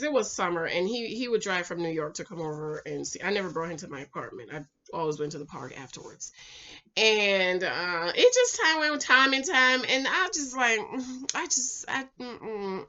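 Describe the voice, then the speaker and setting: A woman's voice: medium pitch, big pitch swings, normal speed, bright, forceful tone, muffled recording. A woman in her thirties with a Jamaican accent, chatting to viewers as a relationship advice vlogger and calling them ladies and girl. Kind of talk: casual storytelling to viewers.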